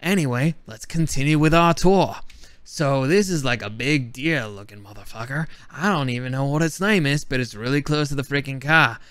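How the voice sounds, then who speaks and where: A man's voice: mid-range voice, normal speed, fairly bright tone, clear, resonant tone, no room sound, natural voice. Man putting on a goofy fake Australian wildlife guide. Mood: goofy excited. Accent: put-on Australian. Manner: goofy, playful, rambling.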